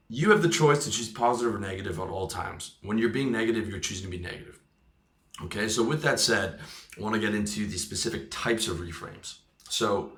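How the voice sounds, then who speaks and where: A man talks through a motivational coaching monologue, driving his points home and checking in with the listener. His voice sits a little low but comes across bright and forceful. The room gives it a noticeable echo. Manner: emphatic, repeats "okay?" and "right?" to press points. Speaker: sales coach.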